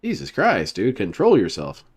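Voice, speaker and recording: A man's voice: on the low side, wildly swooping pitch, moderate pace, husky. A male host reacting to a stream clip, teasing and sarcastic as he talks over it. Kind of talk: mocking commentary over a clip.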